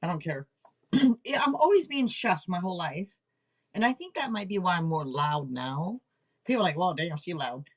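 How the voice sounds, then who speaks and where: A woman in her forties hosting a live tarot stream in loose, casual chat. She talks loud and blunt, teases her viewers and swears freely, clearing an irritated throat now and then. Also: on the low side, sing-song, moderate pace.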